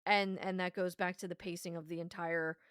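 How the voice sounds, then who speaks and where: A woman's voice: on the low side, level tone, fairly quick, a bit bright, clean tone, no echo, clean studio sound. A woman co-hosting a podcast in casual review chat, talking passionately and emphatically and swearing freely. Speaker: podcast co-host.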